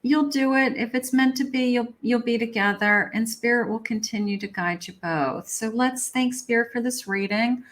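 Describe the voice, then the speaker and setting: A middle-aged woman giving a tarot reading, who talks in a gentle, reassuring way and voices the feelings she reads for the viewer's partner. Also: a little high, moderate pace, few pauses. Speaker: psychic tarot reader.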